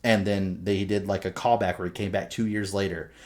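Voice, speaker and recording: A man co-hosting a podcast in casual chat, a profane, rambling storyteller who shouts out quotes when retelling. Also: low-pitched, steady tone, fairly quick. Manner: loud acted quotes in retellings. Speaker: podcast co-host.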